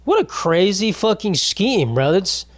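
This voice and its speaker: A young man in his twenties rambles through a casual solo podcast, swearing freely and tacking "bro" onto his jokes. His voice sits a little high. The sound is close and dry, with no room around it. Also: big pitch swings, measured pace, dry recording. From United States. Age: 20s. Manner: rambling, profane, jokey, trailing off with "bro" and "dude". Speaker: podcast host.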